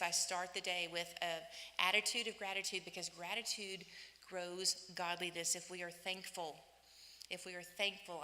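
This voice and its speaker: A woman in her fifties giving an inspirational church talk, telling personal stories in an animated way and acting out the voices she quotes. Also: fairly low pitch. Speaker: women's day church speaker. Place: church hall. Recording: echoey church hall.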